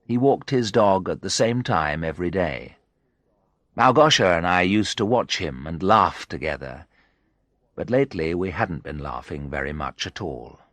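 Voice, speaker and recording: A man narrating a graded story in the first person, reading in an expressive storytelling manner. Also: sits low, no room sound. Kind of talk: scripted narration of a graded reader.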